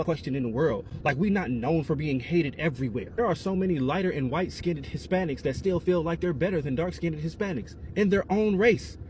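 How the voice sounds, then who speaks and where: Guy ranting fast and joking, kinda high voice, throws out question after question. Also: slight background noise. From United States. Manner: animated, joking, rhetorical questions. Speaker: commentator. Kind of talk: casual commentary video.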